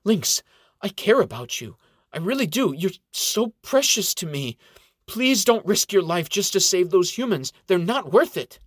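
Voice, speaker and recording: A man's voice: high voice, lively intonation, moderate pace, few pauses, no echo, studio quality, voice pushed up. A man doing a harsh-whispering female elf archer. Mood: pleading.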